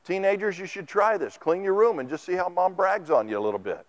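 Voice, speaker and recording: A man preaching a folksy, animated sermon into a microphone in a church. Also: high voice, fast. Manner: animated, folksy, acts out quotes. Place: church sanctuary.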